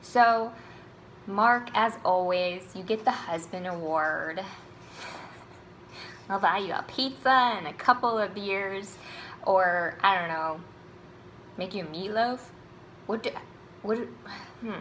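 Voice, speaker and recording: A young woman recapping her race in a casual vlog, chatty and animated, swearing and laughing freely. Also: medium pitch, slow pace, long pauses, slight background noise, poor audio. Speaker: running vlogger.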